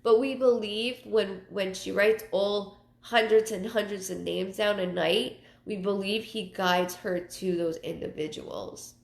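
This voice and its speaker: A woman psychic medium hosting her live show, chatting casually and telling personal stories in a halting way, often repeating words. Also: mid-range voice, steady tone, gravelly. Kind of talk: casual livestream talk. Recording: roomy echo.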